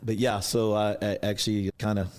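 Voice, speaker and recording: A man, a school principal telling relaxed stories as a guest and acting out remembered conversations. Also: fairly low pitch, moderate pace. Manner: relaxed storyteller who acts out remembered dialogue. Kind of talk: casual storytelling interview.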